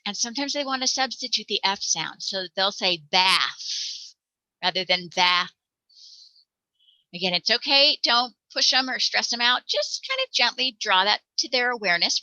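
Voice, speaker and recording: A woman presenting a phonics lesson for parents, encouraging and demonstrating each sound out loud. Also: mid-range voice, no room sound, low-quality recording. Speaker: teacher presenting a parent workshop.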